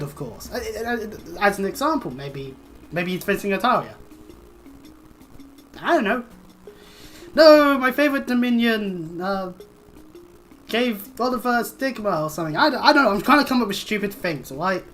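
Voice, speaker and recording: A woman's voice: mid-range voice, expressive, fairly quick, a bit bright, soft background music. A woman streaming a video game, chatting casually, joking and swearing freely as she plays.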